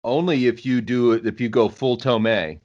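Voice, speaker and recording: A man's voice: mid-range voice, fairly even intonation, moderate pace, a little mellow. A man co-hosting a podcast, joking playfully and dropping into goofy voices. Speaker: podcast co-host. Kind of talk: casual chat. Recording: slightly dull lo-fi audio.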